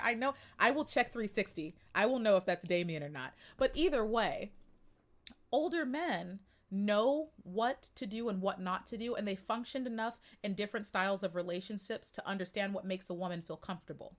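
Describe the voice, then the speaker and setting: A woman's voice: medium pitch, animated, moderate pace. A woman hosting a podcast livestream, talking in a chatty, emphatic way and greeting viewers in the chat. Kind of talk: casual livestream monologue.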